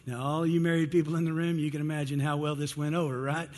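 A man's voice: on the high side, flat delivery, quick pace, a little mellow, long reverb tail. A man preaching a sermon in church, telling a story and acting out its characters. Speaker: pastor.

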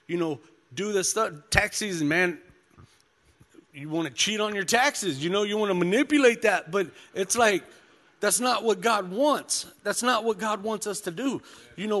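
This male pastor's voice sits high and carries a touch of brightness. His sermon blends scripture and personal testimony, delivered easygoing and peppered with "you know" and "man," all washed in long hall reverb.

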